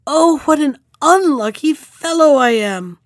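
A woman's voice: mid-range voice, big pitch swings, a little slow, dry recording, studio quality. A woman voicing an unlucky, hot-tempered male carter who wails in self-pity. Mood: lamenting. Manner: wailing, self-pitying laments.

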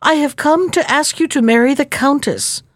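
Woman doing a high eager little princess, begging, storybook style. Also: normal speed, dry recording, studio quality, lightly acted. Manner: eager, imploring. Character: young princess, tearful and pleading.

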